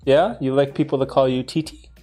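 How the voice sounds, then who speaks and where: A man hosting a casual livestream, laid-back and playful with slangy banter, gentle when he talks to young children. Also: medium pitch, fairly even intonation, brisk, faint music behind. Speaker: livestream host.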